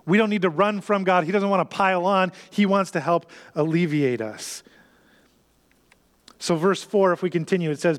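High-voiced man preaching in a reverberant hall. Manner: earnest, repetitive preaching with slowed emphasis. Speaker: pastor. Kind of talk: sermon.

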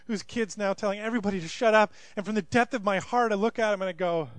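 A man's voice: high voice, fast talker, hardly any pauses, no echo. A male pastor preaching a sermon to a live congregation, opening with funny, conversational stories. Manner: conversational, humorous storytelling. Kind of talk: sermon with storytelling.

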